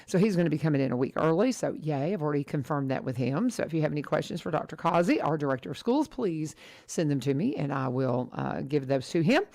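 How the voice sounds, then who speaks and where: A woman's voice: low voice, expressive, fast, creaky. A woman hosting a local radio show, chatting casually with many restarts and asides. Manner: chatty, rambling, warm-hearted with frequent restarts. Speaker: radio host. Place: radio studio. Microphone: studio microphone.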